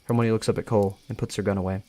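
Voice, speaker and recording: A man's voice: fairly low pitch, flat delivery, very fast, warm tone. A young man with a dry throat reading a story aloud on a live stream, chatty and joking between passages. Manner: casual, joking, chatty asides.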